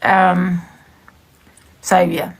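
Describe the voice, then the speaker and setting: A woman's voice: on the low side, level tone, drawn-out words, breathy edge. A woman giving blunt, emphatic commentary on a live stream, talking straight to her viewers. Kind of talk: casual ranting commentary.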